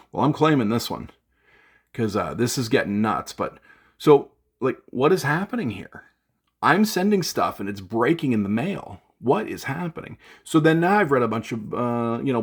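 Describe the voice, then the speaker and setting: A man's voice: medium pitch, slightly rough. A man venting in an unscripted vlog from his home studio, rambling with fillers and restarts. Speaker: gear vlogger.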